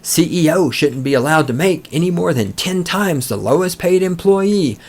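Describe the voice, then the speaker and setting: A man's voice: fairly high pitch, expressive, moderate pace, a little mellow. A man hosting a podcast, ranting with sarcastic, profane, mocking commentary. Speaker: podcast host.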